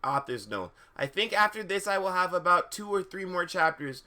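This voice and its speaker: A man's voice: high voice, animated, normal speed, sharp tone. A man reading fan fiction aloud on a live stream, breaking off for sarcastic, incredulous asides. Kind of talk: mocking dramatic reading with commentary.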